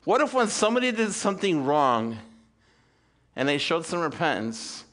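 A middle-aged male pastor with a fairly high voice delivers a sermon to his congregation. He builds to loud, emphatic peaks, then drops to quiet, intimate asides, peppering his sermon with rhetorical questions and calls for amen. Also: big pitch swings, moderate pace. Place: church service with congregation.

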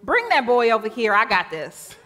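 A woman's voice: medium pitch, animated, unhurried, sharp tone. A woman voicing Jesus as an exasperated teacher scolding his followers in casual slang.

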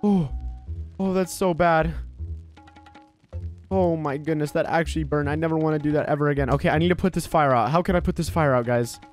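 A young man giving excited gameplay commentary while playing a baby, with frequent yelps and gasps. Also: a little high, a little fast, faint music behind. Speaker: gaming YouTuber.

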